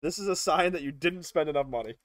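A man co-hosting a casual stream, teasing his partner with excitable banter. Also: on the high side, quick pace, dry recording. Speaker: co-host of card opening stream.

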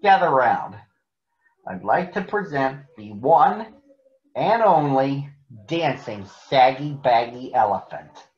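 A man's voice: mid-range voice, expressive, takes it slowly. A man voicing a kindly older elephant in a storybook reading, encouraging and grand like an announcer. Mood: announcing. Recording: echoey, muffled room recording.

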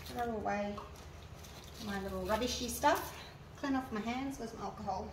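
A woman's voice: on the high side, normal speed, far from the mic. A woman giving a casual hands-on craft tutorial. She talks viewers through each step aloud as she works. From Australia. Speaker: resin artist showing her craft. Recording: mic a little away, faint background noise.

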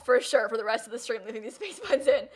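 A woman's voice: a little high, lively intonation, fast talker, soft background music. A young woman streaming live and chatting casually, who keeps dissolving into giggles and helpless laughter.

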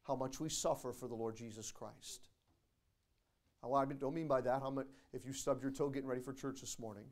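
A pastor preaching to his congregation in a church, his voice sitting at an ordinary middle pitch for a man. He talks plainly, quotes scripture slowly, and presses toward loud, emphatic climaxes. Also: steady tone. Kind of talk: sermon. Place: church sanctuary.

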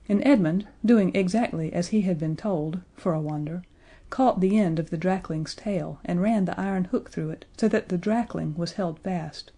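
A woman narrating a children's audiobook in a gentle, expressive way. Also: on the low side.

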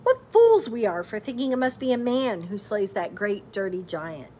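A woman's voice: medium pitch, expressive, moderate pace, slight background noise, natural voice. A woman voicing a fierce, defiant young heroine in a storybook reading. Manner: defiant, forceful.

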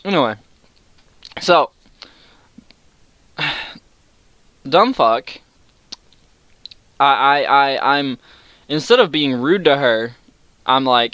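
A young man telling a story in an exasperated, sarcastic rant, swearing freely and breaking into sudden high outbursts. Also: expressive, drawn-out words, pauses often, sharp tone, dry recording. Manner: jumps to high-pitched outbursts. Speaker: vlogger. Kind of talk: ranting storytime.

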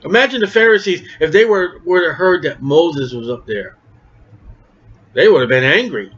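A man with a rather high voice leads a lively verse-by-verse Bible study sermon. He talks in a conversational way and acts out the people he quotes. The recording sounds dull and lo-fi. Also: moderate pace, slightly rough. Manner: animated and conversational, acting out quoted speakers. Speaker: Bible teacher.

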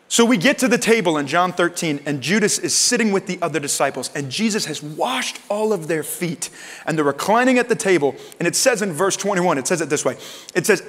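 A male pastor preaching a sermon in a lively, conversational way, with casual slang. His voice sits a little high. The recording carries the long reverb of a church hall. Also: fast talker.

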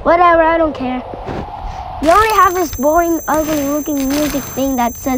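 A woman who is sick, rambling excitably through let's-play commentary and repeating her phrases. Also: high voice, moderate pace, over loud music, poor audio. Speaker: gamer.

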